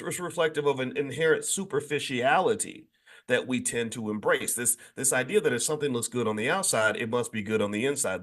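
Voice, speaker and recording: A man hosting a daily finance show, talking off the cuff to his audience in an emphatic, preachy way, often restarting and asking listeners to agree. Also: mid-range voice. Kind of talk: unscripted monologue to an online audience.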